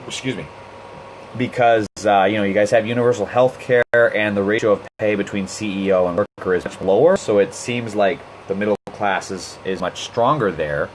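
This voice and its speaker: A man's voice: lowish voice, normal speed, slight background noise. A man hosting a casual livestream, talking in a profane, opinionated and rambling way into a handheld phone. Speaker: livestream host. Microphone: phone held in hand.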